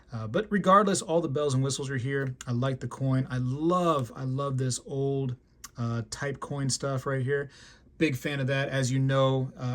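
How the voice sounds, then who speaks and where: A man hosting a casual show-and-tell video, chatty and enthusiastic, rambling with lots of fillers. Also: mid-range voice. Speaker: coin collecting video host.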